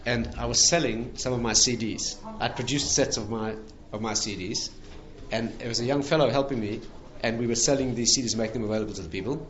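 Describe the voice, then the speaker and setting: A man's voice: medium pitch, fairly quick, few pauses. A rabbi telling stories in a conversational lecture, laughing at his own punchlines. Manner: animated anecdotes, laughing at punchlines. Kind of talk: conversational storytelling talk.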